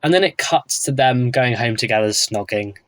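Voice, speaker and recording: A man's voice: medium pitch, moderate pace, dry recording, poor audio. A man co-hosting a podcast in casual chat, talking chattily with wry asides. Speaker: podcast co-host.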